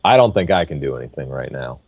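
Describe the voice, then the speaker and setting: Low voiced guy hesitantly chatting as a player in an online tabletop game, stammers. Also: sing-song, fast talker, a little mellow, breathy edge, no echo, highs cut off. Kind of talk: casual chat in a tabletop game.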